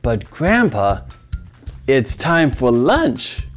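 A woman's voice: a bass voice, big pitch swings, very slow, soft background music, full character voice. A woman voicing a persistent young grandchild in a short comic skit. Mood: insistent. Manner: pleading, persistent.

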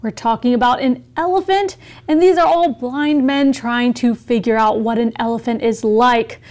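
A woman co-hosting a lesson, retelling a story slowly and clearly for learners. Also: a little high, darkish tone. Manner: slow, clear, explaining. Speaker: co-host and teacher.

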